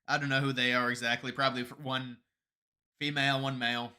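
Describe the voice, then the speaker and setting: A man's voice: mid-range voice, little pitch movement, quick pace, pushed and bright. A man hosting a live stream, chatting casually and sarcastically about politics with many restarts.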